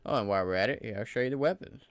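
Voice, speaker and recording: A man's voice: lowish voice, lively intonation, very fast, clear, resonant tone, no room sound. A man giving casual, enthusiastic commentary over gameplay footage in a loose, conversational way. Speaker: gaming channel creator.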